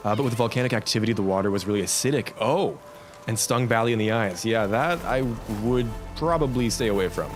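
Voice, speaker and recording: A man's voice: on the low side, brisk, over music. A man chatting casually on a live stream while playing a game, rambling and talking to his chat. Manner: rambling, lively, talks to himself and chat.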